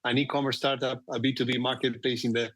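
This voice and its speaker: A man's voice: medium pitch, little pitch movement, fast talker, a bit bright, no echo. A man in his forties with an Argentinian accent, a guest talking about his career with many "you know" fillers. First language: Spanish. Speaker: guest executive. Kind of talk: conversational interview.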